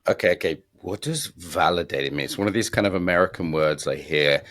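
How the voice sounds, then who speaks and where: Host, British man, deep voice, casual and self-mocking, asks blunt questions. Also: animated, fairly quick, fairly bright tone. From Britain. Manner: self-deprecating, jokey, asks plain questions. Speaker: podcast host. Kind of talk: casual interview chat.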